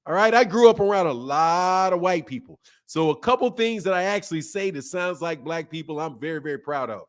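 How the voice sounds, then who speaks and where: A man's voice: fairly high pitch, lively intonation, brisk. A man in his fifties hosting a boxing channel, talking in loose slangy live-stream chat and laughing often. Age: 50s.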